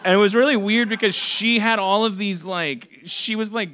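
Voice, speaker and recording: Rambling, stammering man with a higher voice. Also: normal speed, bright, forceful tone. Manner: rambling, stammering restarts, laughing while telling. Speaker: podcast panelist telling a story. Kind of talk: casual chat. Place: live podcast stage.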